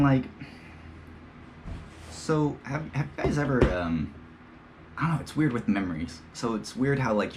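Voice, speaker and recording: Young man, podcast host, casual rambling monologue, slangy and profane, very animated pitch, faint background noise.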